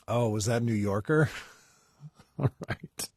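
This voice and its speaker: A man on a live stream, reading poetry theatrically with long pauses and chuckling in between. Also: medium pitch, a little mellow, slightly rough, no room sound, clean studio sound.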